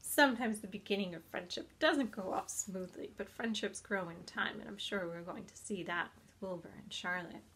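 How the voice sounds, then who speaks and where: A woman reading a children's novel aloud as a teacher, with expressive storytelling and friendly commentary. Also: medium pitch, moderate pace, hardly any pauses, slight background noise.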